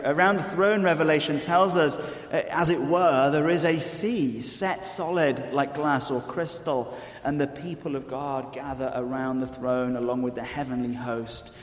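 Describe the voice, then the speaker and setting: A man preaching a sermon, earnest and explanatory with wry asides. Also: fairly high pitch. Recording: echoey hall with long reverb.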